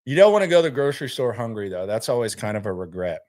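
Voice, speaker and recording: Racing along in a sing-song, darkish, mid-range voice, a podcast host chats on a casual sports stream. He's laid-back and meandering, often repeating words as he restarts.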